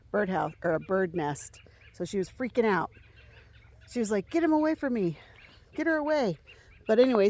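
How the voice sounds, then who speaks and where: A woman's voice: mid-range voice, warm tone, slight background noise. A woman giving a chatty, meandering walkthrough of her home garden in a casual vlog. She fills her speech with frequent ums as she strolls outdoors. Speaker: gardening vlogger.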